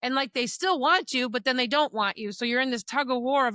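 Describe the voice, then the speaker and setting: A middle-aged woman co-hosts a faith-based podcast, speaking earnestly and from the heart. Her voice is bright and slightly high. The recording is close-miked and dry, with no room sound. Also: a little fast, few pauses, no room sound. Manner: earnest, emotional at times, uses quoted dialogue. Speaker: podcast co-host. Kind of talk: personal faith talk.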